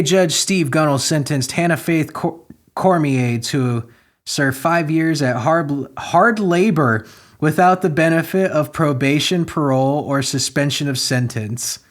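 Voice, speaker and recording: A medium-pitched man hosts a comedy podcast, reading news stories aloud and riffing on them with crude, sarcastic jokes and sudden loud outbursts.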